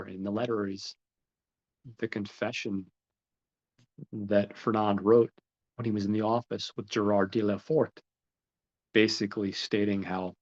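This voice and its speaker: A man hosting a podcast, casually retelling a story's plot and quoting the characters with lots of "he's like". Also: fairly low pitch. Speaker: podcast host. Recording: dull lo-fi recording.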